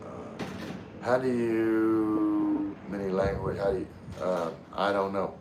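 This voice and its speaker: A man from Louisiana, hosting a casual livestream and answering chat comments in a halting, laid-back way with many fillers. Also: lowish voice, little pitch movement, background noise. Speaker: livestream host. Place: room in the Philippines. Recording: echoey room, faint ambience.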